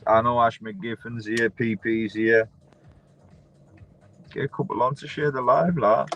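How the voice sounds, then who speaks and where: A man's voice: medium pitch, steady tone, measured pace, muffled recording, soft background music. A man hosting a livestream, chatting casually and bluntly, swearing and calling everyone lad. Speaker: livestream host.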